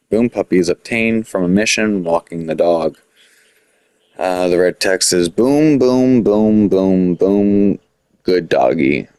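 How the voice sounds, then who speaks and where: A man's voice: sits low, no room sound. A man giving casual, rambling gameplay commentary, full of fillers and restarts, with the hiccups. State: has the hiccups. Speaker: gaming commentator.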